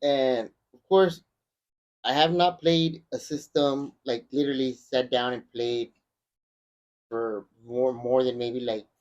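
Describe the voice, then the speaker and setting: A middle-aged man, a guest on a podcast, chatting casually in a relaxed, rambling way. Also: medium pitch, slow pace, lo-fi sound. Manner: relaxed, rambling, with frequent "you know". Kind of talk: casual chat.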